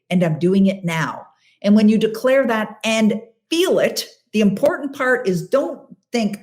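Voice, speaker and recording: A woman's voice: medium pitch, animated, unhurried, a little mellow. A middle-aged woman hosting a live question-and-answer show, coaching listeners in an emphatic, encouraging way and repeating key phrases for stress. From Canada.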